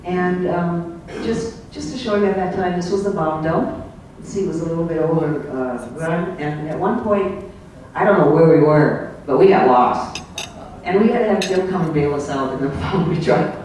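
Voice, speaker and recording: A man's voice: fairly high pitch, normal speed, a little mellow. An older man giving a casual slide presentation to a club, rambling and anecdotal with plenty of ums and asides. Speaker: club guest speaker. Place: club meeting room. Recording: very echoey room, voice far from mic, faint hiss.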